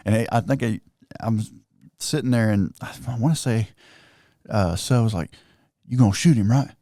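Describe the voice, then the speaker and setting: A man telling a hunting story on a podcast, excited and animated, acting out what everyone said. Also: on the low side, unhurried, pauses often, no room sound, studio quality. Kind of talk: casual storytelling chat.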